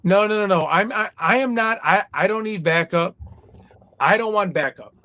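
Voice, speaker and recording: A man with a high-pitched, bright, forceful voice speaks at normal speed. He hosts a livestream and delivers a heated, profane rant, repeating his taunts.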